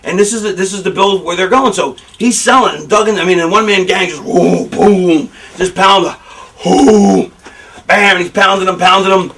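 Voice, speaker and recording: A man's voice: sits high, fast talker, few pauses, distant mic. A man, a pro wrestler, telling candid stories in an interview, rambling and swearing freely. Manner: rambling, profane, animated storytelling.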